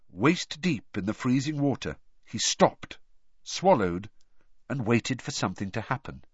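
Guy narrating an audiobook, really lively up-and-down delivery, dry dull lo-fi sound. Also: mid-range voice, slightly rough, dry recording. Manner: expressive storybook reading. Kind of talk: scripted narration.

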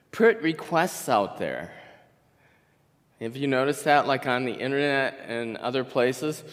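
A man in his sixties giving a conversational sermon as a guest pastor, telling stories with frequent restarts. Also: mid-range voice. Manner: conversational, rambling storytelling with restarts. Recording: long hall reverb.

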